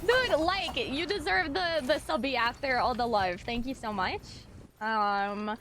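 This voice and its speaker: A woman streaming as a VTuber, chatting casually and reading her chat aloud, bubbly and excitable, often laughing and close to tears. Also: high voice, unhurried, a little hiss or hum. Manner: emotional, on the verge of tears.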